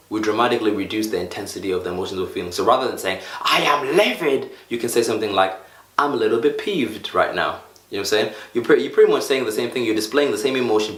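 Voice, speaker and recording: A man's voice: on the low side, echoey room. A man coaching viewers on how to feel better, talking animatedly, repeating phrases and acting out examples. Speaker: self-help coach. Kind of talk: motivational talk to camera.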